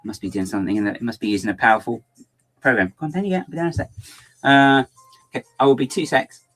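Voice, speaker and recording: A man's voice: medium pitch, steady tone, fast talker, fairly bright tone, faint music behind. A man chatting casually on a livestream while building, rambling and muttering to himself with playful asides, his throat bothering him. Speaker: LEGO builder livestreaming to chat.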